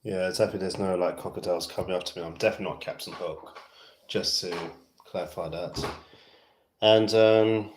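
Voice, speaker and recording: A man's voice: sits low, steady tone, a little fast, roomy sound, slight background noise. A man from West London with a British accent, chatting casually to fans on his livestream, rambling with lots of fillers. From West London, England. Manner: rambling and chatty, heavy fillers, self-amused.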